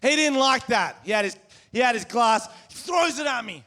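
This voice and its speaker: An Australian man performing a stand-up comedy set on stage, telling crude stories with loud shouted impressions. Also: very high voice, lively intonation, normal speed. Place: comedy venue stage before a live audience.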